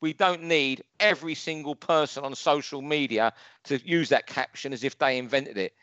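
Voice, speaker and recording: A man's voice: mid-range voice, moderate pace, a bit bright, dry recording, lo-fi sound. A man with a London accent, talking boxing as a pundit on a casual podcast, chatty and opinionated, given to rants. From London, England.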